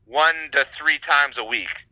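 A man's voice: on the high side, measured pace, bright, forceful tone, no room sound, low-quality recording. A man co-hosting a podcast in casual chat, hesitant with lots of fillers and frequent laughter. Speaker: podcast co-host.

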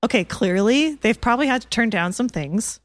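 A young woman co-hosts a chatty podcast and tells fan stories with breathless enthusiasm. Her voice is fairly high and leaps up and down, and the sound is close and dry with no room around it. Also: brisk, no room sound. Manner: gushing, excitable fan storytelling. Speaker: podcast co-host. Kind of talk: casual chat.

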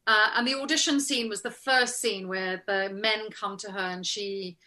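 A middle-aged actress telling stories in a casual interview, animated and laughing often, acting out the lines she remembers. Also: mid-range voice, moderate pace.

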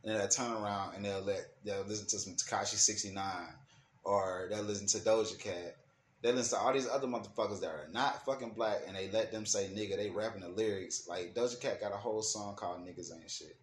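In an echoey room with a faint ambient hum, a man with a fairly low voice delivers a fairly quick, casual opinion rant to camera. He uses African American Vernacular English, speaks emphatically with profanity, and keeps restarting and repeating words mid-thought.

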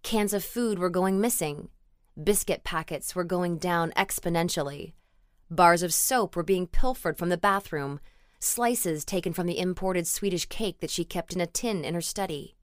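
A woman audiobook narrator delivers scripted narration of an adult story in a measured, even storytelling style. Her voice is fairly low, and the recording is clean studio sound with no echo.

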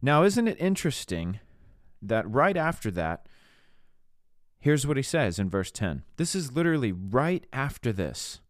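A man's voice: mid-range voice, very animated, moderate pace, dry recording, clean studio sound. A man preaching in a casual, earnest way as a podcast host, reading scripture and talking it through. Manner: earnest, conversational, slips into voicing skeptics. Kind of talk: casual sermon-style teaching.

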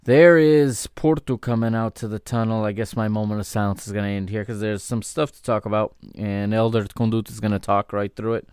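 A man's voice: fairly low pitch, steady tone, fairly quick, few pauses, a little mellow, clear, resonant tone, dry recording, studio quality. A man hosting a podcast, giving chatty, easygoing watchalong commentary on an old football match and correcting himself as he goes. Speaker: podcast host.

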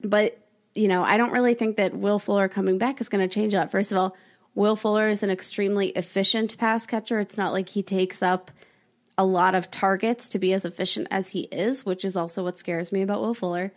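A woman co-hosting a podcast, chatting casually in a playful, joking way while giving quick analysis. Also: medium pitch, steady tone. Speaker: podcast co-host.

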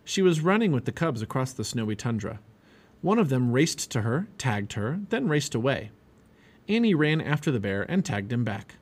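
A man reading a children's chapter book aloud as a parent, animated and expressive. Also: medium pitch, normal speed. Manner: animated, expressive reading with many character voices. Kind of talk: storybook read-aloud.

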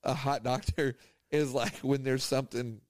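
A man's voice: mid-range voice, steady tone, moderate pace, dry recording. A man, co-hosting a podcast in casual chat, rambling through funny stories and laughing often. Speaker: podcast co-host.

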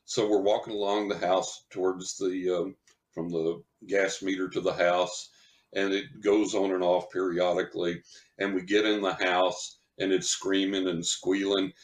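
A man, a psychic medium guest on a podcast, telling a story in an animated way and laughing as he talks. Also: low-pitched, measured pace. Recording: roomy echo.

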